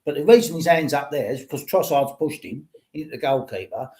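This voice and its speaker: A man's voice: mid-range voice, animated, brisk, a little mellow. An older man, a podcast host giving rambling, opinionated football talk. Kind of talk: casual football chat.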